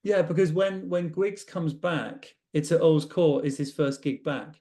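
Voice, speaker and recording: A man hosting a podcast, chatting casually and excitably, with eager interjections and casual swearing. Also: on the high side, a little slow. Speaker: podcast host.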